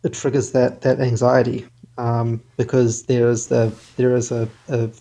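A young man in his twenties calling in for advice, halting and unsure, with a flat, mellow voice. He trails off and restarts often. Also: medium pitch, creaky. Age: 20s. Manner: hesitant, halting, many fillers. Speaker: caller.

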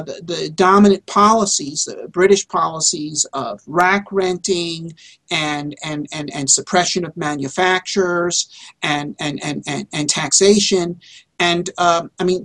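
A man's voice: sits high, fairly bright tone. A man speaks as a guest author in an interview. His delivery is emphatic and insistent. He often repeats words and restarts his sentences mid-thought. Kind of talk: interview answers.

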